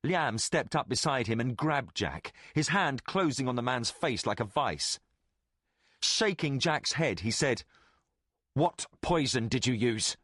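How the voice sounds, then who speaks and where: A man narrating a fantasy audiobook in deliberate, expressive storytelling. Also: mid-range voice, slightly rough, dry recording, clean studio sound. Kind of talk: scripted narration.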